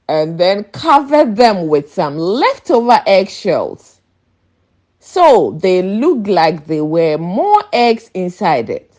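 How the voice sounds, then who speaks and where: A woman reading a children's story aloud, slowly and expressively. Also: medium pitch, a little mellow.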